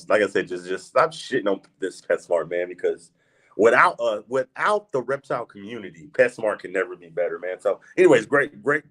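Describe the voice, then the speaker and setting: A man with a fairly low voice hosts a casual livestream chat. He talks loosely and swears freely. He keeps tossing in "man" as he goes. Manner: laid-back, swears freely, says "man" a lot. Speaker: podcast host.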